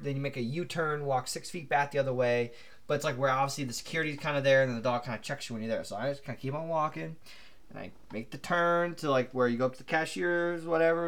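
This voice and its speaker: A man co-hosting a podcast, telling a long anecdote in an animated, rambling way full of fillers. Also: a little high. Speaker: podcast co-host. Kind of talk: casual storytelling chat.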